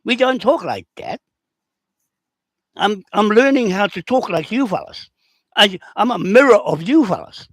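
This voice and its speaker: Rough-talking New man hosting a livestream, combative and repetitive, with a lively voice swinging high and low. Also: a little slow, long pauses, no room sound. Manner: rough, confrontational, repeats himself. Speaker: livestream host answering comments. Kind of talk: rambling, combative livestream talk.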